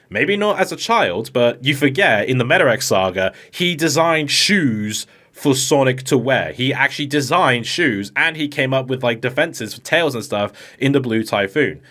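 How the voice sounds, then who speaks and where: This YouTube commentator is a man with a medium-pitched, slightly bright voice. His comedic commentary is unscripted, full of swearing and mockery, and he often puts on voices to act out quoted lines.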